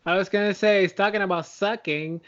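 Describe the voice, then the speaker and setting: A man with a notably high voice talks bluntly and teases his co-hosts on a movie podcast. The sound is dull and lo-fi. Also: fairly even intonation, fairly quick, fairly bright tone. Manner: teasing, blunt. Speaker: podcast co-host. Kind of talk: casual banter about movies.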